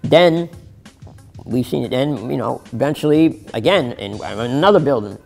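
A man's voice: mid-range voice, animated, moderate pace, vocal fry, darkish tone, soft background music. A middle-aged man, telling his story in a candid interview, rambling and swearing as he corrects himself. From New York City. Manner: rambling, profane, self-correcting.

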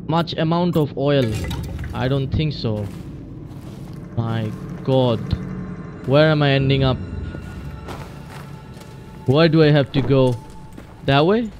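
A man hosting a let's play, jumpy and exclaiming as he talks to himself through a horror game. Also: a little high. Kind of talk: gaming commentary.

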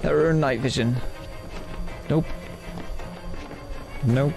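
A man's voice: fairly high pitch, takes it slowly, creaky, pauses often. A man playing a horror game and commenting, joking, yelping and talking to the characters. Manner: jokey, yelps and talks to game characters. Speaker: let's play gamer. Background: game music.

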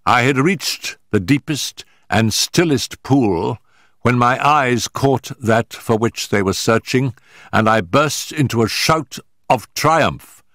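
Man giving an animated dramatic reading. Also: mid-range voice, no room sound, clean studio sound. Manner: deliberate and dramatic, in period prose. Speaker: audiobook narrator. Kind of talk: scripted narration.

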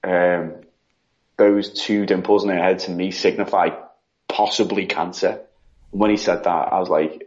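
A man's voice: low-pitched, fairly even intonation, normal speed, darkish tone. A grieving man from the UK, a podcast guest rambling through a story in casual chat and acting out the dialogue. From United Kingdom. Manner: rambling, retelling with quoted dialogue. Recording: dull lo-fi audio.

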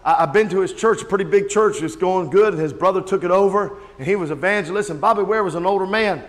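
High-voiced preacher in a ringing hall. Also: male voice, fast talker. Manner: storytelling preacher who shouts out quoted voices. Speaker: pastor. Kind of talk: sermon. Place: church sanctuary. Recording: long reverb of a large hall.

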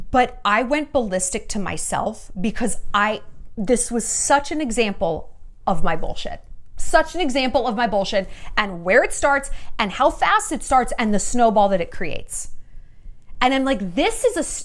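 A woman in her thirties vlogging relationship advice straight to camera. Her voice sits high and swoops all over the place as she acts out her own quoted lines. She is frank and swears freely. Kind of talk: candid talking-head vlog.

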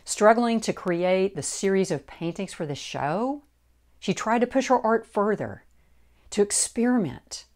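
A woman author reading her own book aloud, in a measured and deliberate narration. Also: mid-range voice, expressive, a little mellow. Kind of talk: audiobook narration.

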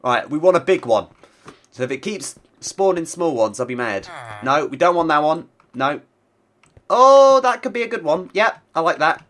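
A man's voice: fairly high pitch, lively intonation, moderate pace, a bit bright. A man with a cold, sounding a bit congested, chatting casually to himself and his viewers as he plays a block-building game. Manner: chatty, talks to himself and the animals. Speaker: gaming channel host. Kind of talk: casual Minecraft let's-play commentary.

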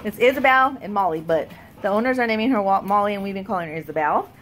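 A woman's voice: medium pitch, fast, a bit bright. A woman chatting casually as she films her dogs outside on a phone, cooing at the puppies in baby talk and laughing often. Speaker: dog owner vlogger. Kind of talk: casual chat. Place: outdoors in a yard. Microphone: handheld phone. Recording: noisy outdoor phone recording.

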